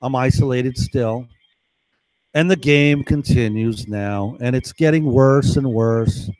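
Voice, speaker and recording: A man's voice: mid-range voice, slow pace, a little mellow, rough recording. A man in an agitated, rambling monologue, repeating himself and swearing often. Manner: agitated, profane, repetitive. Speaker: vlogger.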